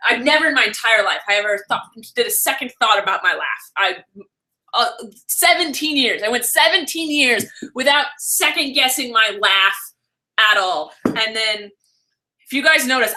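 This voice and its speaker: Young woman vlogger, bright lively voice, ranting live stream chat. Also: a little high. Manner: animated, ranting, frequent laughter.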